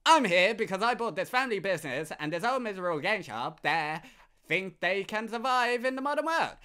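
A man voicing a very high-pitched, overeager male game shop owner in a game playthrough. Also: very animated, brisk, sharp tone, smooth, exaggerated voice. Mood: gushing.

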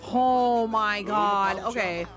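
A woman giving casual, profane gameplay commentary, voicing her characters' thoughts in quick asides. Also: medium pitch, music in the background. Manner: lively, swearing, voices characters' thoughts in asides. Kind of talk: casual let's play commentary.

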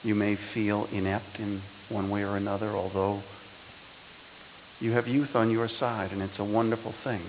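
A man in his sixties giving a motivational speech to students, his delivery swinging between loud emphasis and soft, intimate lines. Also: lowish voice, flat delivery, moderate pace, slight background noise, rough recording. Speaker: speaker. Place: lecture hall.

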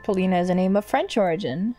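Playing through a game on stream, this woman reads and translates the dialogue aloud, filling the gaps with casual, profane jokes in let's play style. Her medium-pitched voice has a dark tone and a quick pace. There's faint game music in the background.

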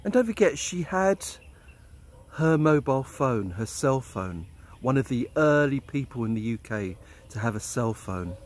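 A man's voice: mid-range voice, very animated, a little slow. Blunt man telling a story. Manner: candid, blunt, swears freely. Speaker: expat vlogger. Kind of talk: storytelling monologue.

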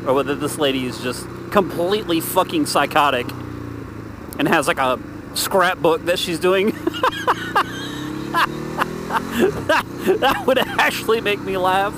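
A man giving a profane, incredulous running commentary while riding a motorcycle on the highway, recorded on a helmet camera mic with road noise behind. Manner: profane, incredulous, laughs a lot. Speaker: motorcycle vlogger. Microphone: helmet-mounted action camera mic. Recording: loud road and engine noise. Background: traffic and engine noise.

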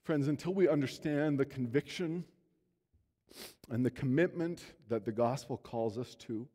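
A man preaching a sermon as pastor, telling a story earnestly, his voice swelling and then dropping low. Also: mellow. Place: church sanctuary. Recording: long reverb of a church hall.

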